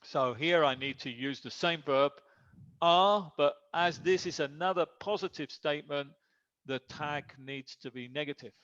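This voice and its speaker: Teacher, male, slightly high voice, patient explainer, dry lo-fi sound. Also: measured pace, a bit bright, no echo. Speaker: English teacher. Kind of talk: online class lesson. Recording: dull lo-fi sound.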